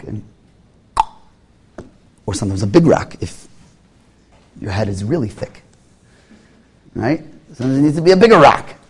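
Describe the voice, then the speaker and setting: Animated husky-voiced man preaching. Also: a little high. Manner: animated, acts out little scenes in quoted voices. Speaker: rabbi. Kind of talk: sermon.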